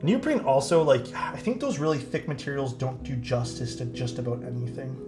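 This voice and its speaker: A man's voice: mid-range voice, brisk. A young man talks casually on a live stream, answering chat as he works with his hands. His talk is loose and friendly, full of likes and restarts. Faint music plays underneath. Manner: chatty, answers chat while working, loose filler-heavy talk. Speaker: streamer building keyboards.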